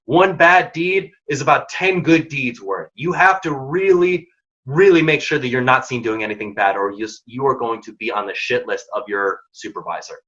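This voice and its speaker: A man's voice: medium pitch, moderate pace, fairly bright tone, muffled recording. A man hosting a career workshop, giving direct, emphatic advice in short punchy lines. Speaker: program founder and workshop host.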